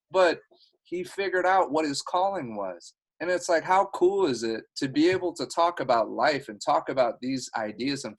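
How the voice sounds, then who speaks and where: A team leader with a slightly high voice runs a video call meeting with his team, giving a motivational talk that is earnest, heartfelt, and rambling. The recording is rough.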